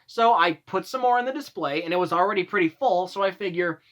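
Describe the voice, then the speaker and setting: A man's voice: high-pitched, fast, a bit bright. Young man ranting with heavy profanity. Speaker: vlogger. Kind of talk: casual storytelling rant.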